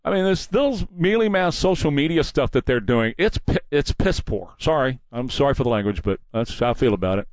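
A man's voice: mid-range voice, lively intonation, a little fast, hardly any pauses, dry recording. Combative man ranting. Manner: combative, preachy and mocking. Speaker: political commentary host. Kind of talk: ranting political commentary monologue.

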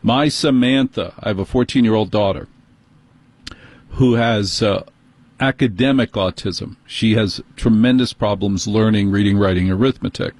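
A man's voice: fairly low pitch, normal speed, darkish tone, no echo. A middle-aged man with a New York accent telling a story in an exasperated, sarcastic rant. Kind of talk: indignant storytelling monologue.

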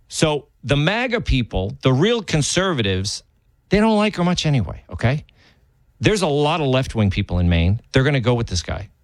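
A man co-hosting a casual political chat, talking in a rambling, animated way that jumps up in pitch when he stresses a point. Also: moderate pace, no echo. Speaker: co-host.

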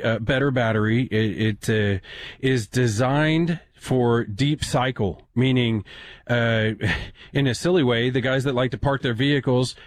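Male talk-radio host, mid pitch, chatty and self-deprecating, lots of fillers, dry studio mic. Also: dry recording. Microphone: studio microphone.

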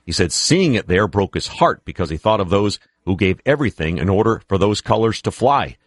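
Male news anchor, low and slightly husky, steady read. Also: dry recording, studio quality. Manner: steady measured delivery. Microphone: studio broadcast mic.

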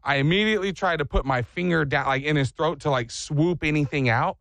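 A man hosting a talk show, telling stories with lively impressions. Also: fairly high pitch, a little fast, no echo. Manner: animated storyteller, mimics people. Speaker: radio show host. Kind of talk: casual chat.

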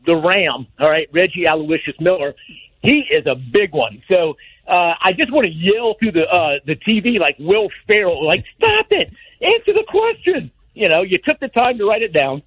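A man rants into a radio show over a thin, tinny phone line, worked up and exasperated. His voice sits high and swings widely, with a slightly husky edge. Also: normal speed, no room sound. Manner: animated, exasperated ranting. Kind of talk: ranting call-in commentary.

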